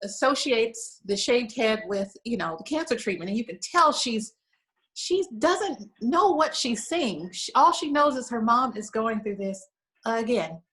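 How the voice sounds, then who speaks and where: A woman's voice: fairly high pitch, expressive, unhurried, a bit bright, rough recording. Earnest woman telling a heartfelt story. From United States. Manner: earnest, emotional, frequent "you know". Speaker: guest, lingerie shop owner. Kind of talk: conversational storytelling.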